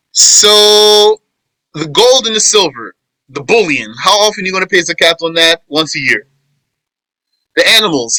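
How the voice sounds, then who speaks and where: A man runs an informal religious class in a very bright, sharp voice. He quizzes his students, repeats points and corrects wording as he goes. The sound is dry and close. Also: on the high side, no echo, low-quality recording. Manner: quizzes students and answers their replies; explains slowly, restating and correcting phrasing. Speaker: religious teacher. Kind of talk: informal class on Islamic law.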